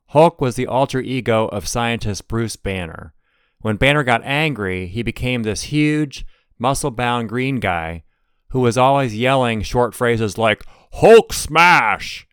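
A middle-aged man hosting a devotional podcast, explaining things in an earnest, steady way. His voice is smooth and resonant, recorded dry and close with no room sound. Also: medium pitch, no echo. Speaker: podcast host.

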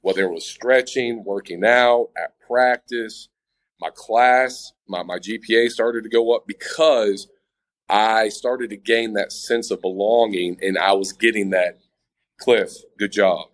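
On a low-quality recording, a man with a lowish voice talks at a measured pace. During a casual interview he tells a story from his own life, often stammering through restarts and speaking to his audience as guys.

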